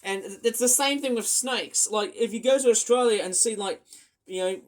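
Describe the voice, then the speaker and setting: A man chatting excitably in a rambling casual vlog, full of fillers and restarts. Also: very high-pitched, normal speed. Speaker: vlogger.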